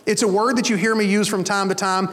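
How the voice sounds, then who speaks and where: High-pitched guy preaching, chatty sermon, lots of "you understand?", big echoey church. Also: flat delivery, fast, fairly bright tone. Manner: conversational preaching, asks the congregation "you understand?". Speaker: pastor.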